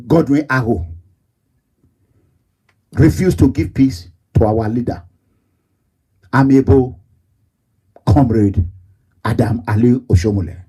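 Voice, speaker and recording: A man's voice: mid-range voice, mellow, husky, low-quality recording. A man with a Nigerian accent delivering a fiery, repetitive political rant as an online commentator.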